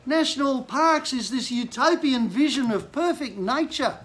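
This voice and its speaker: A man's voice: very high voice, lively intonation, measured pace, hardly any pauses, a bit bright. An older man from Queensland with an Australian accent, a bush mechanic venting frustration in a blunt political rant to camera. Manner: frustrated, blunt, rising to angry outbursts.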